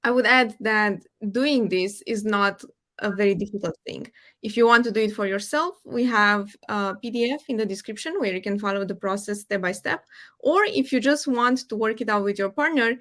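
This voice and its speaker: Woman calmly guiding a podcast chat. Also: medium pitch. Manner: clear, measured, asks guiding questions. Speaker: podcast co-host.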